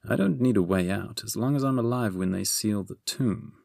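A man's voice: lowish voice, moderate pace, vocal fry, darkish tone, no echo, clean studio sound. A man voicing a cheeky, chatty young hero with a scheming streak in a storybook reading. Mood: breezy. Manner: chatty, upbeat.

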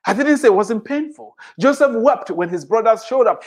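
An immigrant to the United States preaches a fervent sermon, their voice leaping up and plunging down with big pitch swings to hammer each point home. At a moderate pace with few pauses, they repeat key phrases and stack rhetorical questions to press the congregation.

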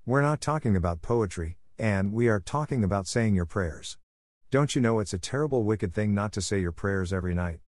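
A man's voice: on the low side, lively intonation, fairly quick, no room sound, studio quality, close to an everyday voice. A man reading a storybook aloud, voicing a stern, strict older spinster with a stiff, scolding manner.

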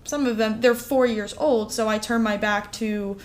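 Woman co-host rambling through a story, kinda high voice, lots of likes and uhs. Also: normal speed. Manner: animated storytelling with many fillers. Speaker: podcast co-host. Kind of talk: casual podcast chat.

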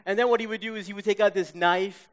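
A man from Queens, telling an animated story to a live audience, acting out his own reactions and checking in with listeners. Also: high-pitched, fast talker. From Queens, New York. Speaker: speaker.

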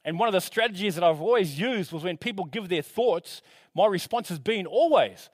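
High-voiced animated male preacher. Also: fairly quick, no echo. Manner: animated, shifting pitch and loudness for emphasis; conversational, self-correcting with asides. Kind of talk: sermon.

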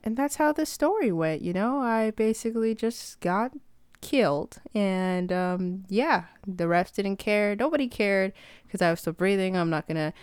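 Chatty teenage girl, smooth dry voice. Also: medium pitch, animated, a little slow, a little mellow, no echo. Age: late teens. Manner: rambling, lots of "like", acts out quotes. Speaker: podcast host. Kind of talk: casual storytelling chat.

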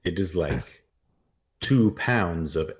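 Male co-host, very low pitch, deadpan wisecracks in a casual recap. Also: slow. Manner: wry joking asides. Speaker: podcast co-host.

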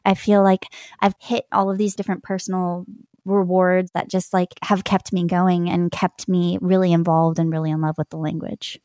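A woman guest tells stories in a relaxed interview, chatty and quick to laugh. Her voice sits on the low side, and it is recorded close and dry. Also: no room sound. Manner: chatty, laughs often while telling stories. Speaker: guest, language learner. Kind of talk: casual interview storytelling.

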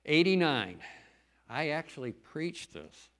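A man's voice: on the high side, sing-song, takes it slowly, a bit bright. A middle-aged man, a farmer and lay preacher, giving an earnest, folksy testimony talk in church with emphatic stresses.

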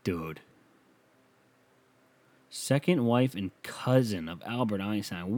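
Crude rambling man, low mellow voice. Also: lively intonation, slow pace, long pauses, no room sound. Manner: crude, rambling, self-mocking. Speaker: podcast host. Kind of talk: casual solo podcast rant. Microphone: close studio mic.

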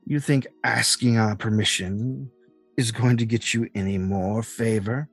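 A man voicing a dripping-wet old sea hag who speaks in a gurgling voice. He plays her as slow and mocking in a tabletop game. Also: on the low side, fairly even intonation, breathy edge, faint music behind. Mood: scornful.

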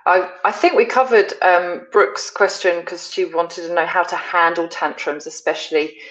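A woman's voice: lowish voice, steady tone, normal speed, fairly bright tone, echoey room, low-quality recording. A woman hosting a podcast, chatting and summing up her guest's advice. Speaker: podcast host. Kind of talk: casual podcast interview.

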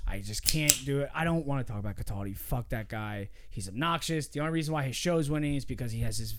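A man's voice: mid-range voice, quick pace, noisy background. Swearing man riffing on a podcast. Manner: riffing, swearing, mock voices. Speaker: podcast host. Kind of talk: casual comedic chat.

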